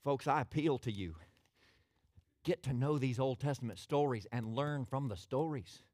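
A man preaching a sermon as pastor, folksy and animated, asking his listeners questions. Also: mid-range voice, normal speed, no room sound, clean studio sound.

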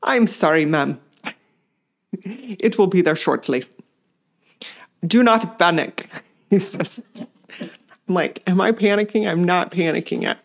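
A woman telling a personal story to a meditation community, animated, acting out what others said and laughing along the way. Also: fairly low pitch, slow pace, vocal fry, long pauses. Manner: animated retelling with acted-out quotes and laughs. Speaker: community member sharing practice.

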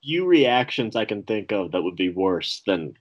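Young man, co-host, lowish voice, dry teasing manner, casual livestream chat. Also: sing-song, moderate pace, dull audio.

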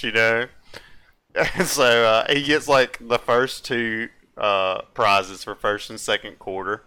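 Bright, smooth-voiced young man telling stories. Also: mid-range voice, unhurried. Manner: animated storyteller who acts out quotes and laughs often. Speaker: podcast co-host. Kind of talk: casual movie-review chat.

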